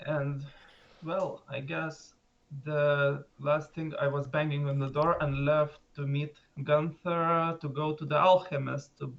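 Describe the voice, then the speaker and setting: A man's voice: fairly high pitch, level tone, slow, vocal fry, muffled recording. A man playing in a tabletop game, chatting casually and rambling. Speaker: player. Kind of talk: casual chat.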